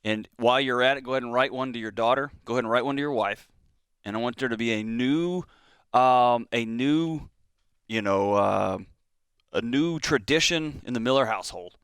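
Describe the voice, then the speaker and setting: Radio host, male, clear resonant voice, mid pitch, dry studio sound. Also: moderate pace, a bit bright, no room sound. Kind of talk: call-in advice talk.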